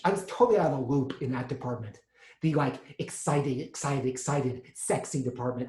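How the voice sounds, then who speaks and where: A man performing an autobiographical solo monologue, animated, with lively pitch swings as he acts out scenes. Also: normal speed, roomy sound.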